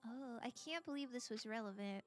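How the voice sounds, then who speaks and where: A woman's voice: on the high side, brisk. A young American woman streaming a game, chatting and giggling casually as she answers her chat. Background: faint game music.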